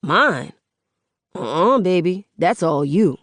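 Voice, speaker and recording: A woman's voice: lowish voice, big pitch swings, slow pace, a bit bright, no echo, studio quality, exaggerated voice. A woman voicing an affectionate, street-wise middle-aged father who talks in a laid-back, slangy drawl.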